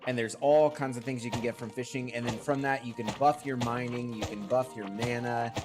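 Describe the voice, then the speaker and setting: A man's voice: mid-range voice, steady tone, a little fast. A man streamer giving casual, rambling gameplay commentary and answering his chat, still congested from a lingering cold. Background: game music.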